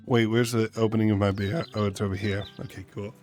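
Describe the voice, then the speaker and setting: A man's voice: on the low side, flat delivery, quick pace, a little mellow, faint music behind. A man hosting a casual livestream, joking and ranting at his chat. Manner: joking, rants and teases chat. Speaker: streamer host.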